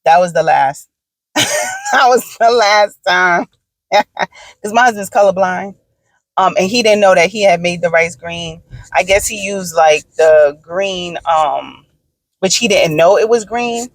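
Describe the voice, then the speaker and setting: A woman in her thirties, talking casually to her viewers from inside a car, animated and frank with swearing, swinging from exasperated rants to easy storytelling. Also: lowish voice, unhurried, no echo, low-quality recording. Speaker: vlogger.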